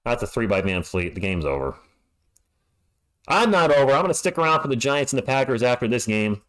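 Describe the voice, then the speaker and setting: A man's voice: medium pitch, sing-song, quick pace, fairly bright tone, clean tone. Exasperated male fan calling a game. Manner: exasperated, ranting, stammers when upset. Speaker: fan livestream host giving play-by-play. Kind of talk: fan play-by-play commentary.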